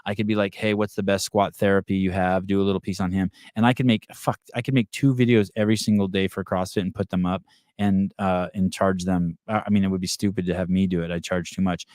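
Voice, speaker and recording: A man's voice: low voice, flat delivery, fast, a little mellow, dry recording, studio quality. A man hosting a podcast, ranting in casual talk and swearing constantly. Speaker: podcast host. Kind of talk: profane casual podcast rant.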